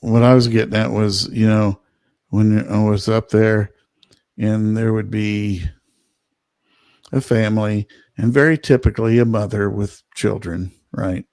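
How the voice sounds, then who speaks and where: A man hosting a casual chat, relaxed and peppered with "you know". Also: lowish voice, a little slow, no echo. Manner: relaxed, frequent "you know" and backchannel murmurs.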